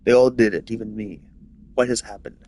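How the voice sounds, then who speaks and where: A man's voice: fairly low pitch, fairly even intonation, brisk, a little mellow. Rambling man streaming a game. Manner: rambling, lots of filler "like". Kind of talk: casual rambling commentary over gameplay.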